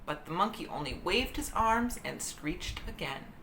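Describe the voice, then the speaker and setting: Woman, children's book read-aloud, lively pitch, roomy echo, faint hiss. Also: unhurried. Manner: expressive, dramatic storytelling. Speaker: storyteller.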